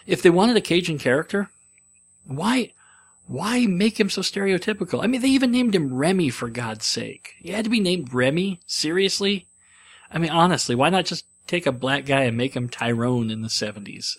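Young guy rambling on his own, wry, self-deprecating, lots of ums, mid-pitch voice. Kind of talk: rambling casual monologue. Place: in a car.

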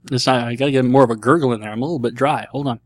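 A man's voice: medium pitch, fairly even intonation, rapid-fire, no room sound. A middle-aged man hosting a casual solo show, rambling and self-deprecating, with a dry throat. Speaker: podcast host answering listener questions.

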